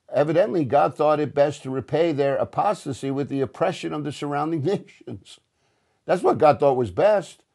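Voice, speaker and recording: A man's voice: a little high, creaky, warm tone. Conversational man preaching a sermon. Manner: earnest, conversational preaching with frequent restarts. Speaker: pastor. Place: church.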